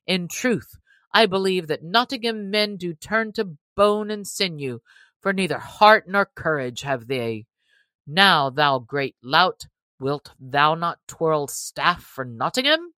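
A woman reading aloud and voicing a boastful male cudgel champion who shouts mocking taunts in old-fashioned English. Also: low voice, dry recording, heavily acted.

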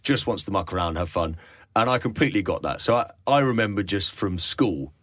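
A man in his late twenties, a radio presenter, chatting in a casual interview and telling stories in a jokey, animated way. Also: sits low, a little fast, no room sound, clean studio sound. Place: London.

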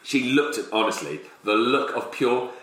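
A man swaps stories in lively podcast banter, his pitch leaping around as he swears and jokes. His voice is bright and forward. He sounds set back from the mic, with a heavy room echo. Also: moderate pace. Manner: animated, swearing banter with loud outbursts. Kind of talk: casual chat. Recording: very echoey room, distant mic.

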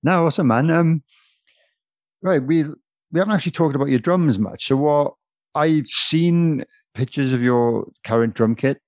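A man hosting a casual interview chat, encouraging his guest with quick affirmations. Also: a little high, darkish tone.

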